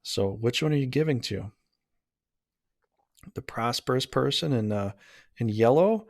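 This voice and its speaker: A man talks through a casual tarot reading in a mid-pitched voice, recorded close and dry with no room sound. He rambles, talks himself in circles and laughs at his own bad luck. He sounds self-deprecating and gets easily flustered. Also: animated, a little slow, creaky, pauses often, dry recording. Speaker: tarot reader.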